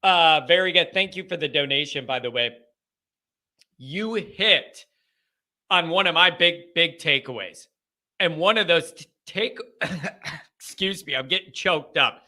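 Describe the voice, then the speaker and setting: A man's voice: on the high side, measured pace, pauses often, sharp tone. A young adult man hosting a live-streamed fan show, ranting heatedly and sounding exasperated, with stuffy sinuses.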